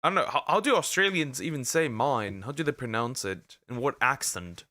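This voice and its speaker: Male streamer, bright tone, dry close mic, stammering jokey reactions. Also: mid-range voice, expressive, moderate pace, no echo. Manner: rambling, stammering, jokey asides. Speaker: VTuber streamer reacting to videos. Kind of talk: casual reaction commentary. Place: lives in Germany.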